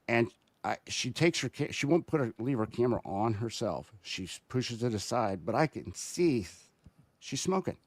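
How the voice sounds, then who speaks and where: A man telling a story as a podcast guest, rambling and animated, with frequent restarts. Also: medium pitch, no room sound. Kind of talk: casual podcast chat.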